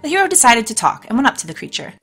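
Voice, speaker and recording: Reading a storybook game aloud for a let's play, a woman narrates and comments with chatty, laughing asides. She talks rapid-fire in a sing-song voice that's a little high, a bit bright and slightly rough, over soft background music.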